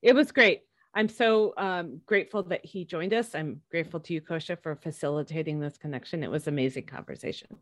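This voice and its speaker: A woman's voice: deep voice, brisk, hardly any pauses, dry recording, studio quality. A woman from central Illinois, co-hosting a podcast in a chatty, enthusiastic way. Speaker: podcast co-host. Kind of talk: casual podcast conversation.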